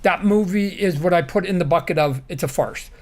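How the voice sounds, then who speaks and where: Animated high-voiced man chatting as guest. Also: a little fast. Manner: animated, self-interrupting, groans in disgust. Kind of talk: casual podcast chat.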